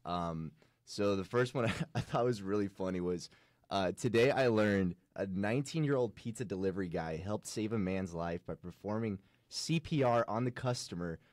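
A young man co-hosting a college radio morning show, relaxed and reading out odd facts with fillers. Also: fairly low pitch, normal speed, no room sound, clean studio sound. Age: young adult. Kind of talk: casual chat.

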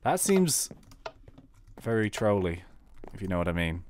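Chatty, rambling male gamer with a slightly sore throat, lively up-and-down delivery. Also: on the low side, unhurried, slight background noise. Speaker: game commentator. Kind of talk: casual let's play commentary.

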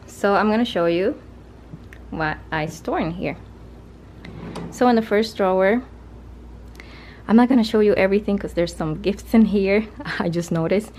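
A woman's voice: medium pitch, moderate pace, long pauses, darkish tone, a little hiss or hum. A woman casually narrating a tour of her home craft studio, chatting loosely with fillers and restarts.

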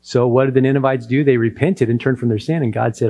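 A man preaching from the pulpit at an ordinary middle pitch. He tells the story in a lively way and acts out the characters' lines as he goes. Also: fast. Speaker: pastor. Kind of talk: sermon.

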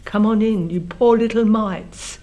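A woman's voice: medium pitch, measured pace, dark tone, muffled recording, close to an everyday voice. An elderly woman quoting a kindly, motherly boarding-house lady who calls everyone dear, barely changing her own voice. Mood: welcoming. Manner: sweet and welcoming, calls people dear.

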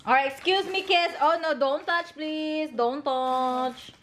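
A woman, chatting excitably and laughing often as a mother in a casual family vlog. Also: high-pitched, slow, slight background noise. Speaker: vlogger mom.

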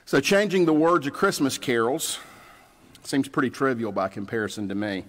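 Male pastor, mid-pitched voice, plainspoken sermon in a church with long echo. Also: normal speed, a bit bright. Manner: conversational storytelling, plainspoken. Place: church sanctuary. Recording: church livestream with long reverb.

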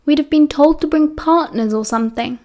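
Audiobook: woman playing a brash British schoolboy, brisk and hopeful, a bit raised. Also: sits high, warm tone, pitched above the performer's own voice, natural voice.

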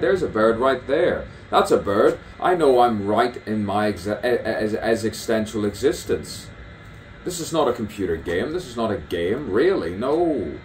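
A man's voice: lowish voice, expressive, normal speed, a little hiss or hum. A man talking outdoors in a rambling stream-of-consciousness monologue, musing aloud and repeating his own phrases over and over. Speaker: poet and artist. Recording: distant mic with faint outdoor ambience.

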